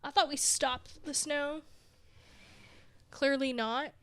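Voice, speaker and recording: Her voice sits high with fairly even intonation and a fairly bright tone, and she talks slowly. She's a young woman from a big city running her own podcast, drifting through a casual monologue, worn out and disheartened but laughing at herself a lot, sometimes on the verge of tears.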